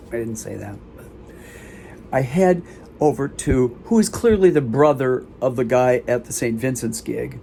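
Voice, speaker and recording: A man performing a live comic storytelling show, recounting a hospital visit in halting, self-interrupting sentences. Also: medium pitch, lively intonation, vocal fry, mellow, a little hiss or hum. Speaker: solo performer. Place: small theater stage.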